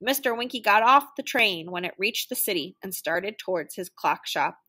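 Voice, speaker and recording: A woman reading a children's story aloud, animated and playing out the noises. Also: mid-range voice, normal speed, breathy edge. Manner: animated, sound-effect voices for noises. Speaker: children's book reader.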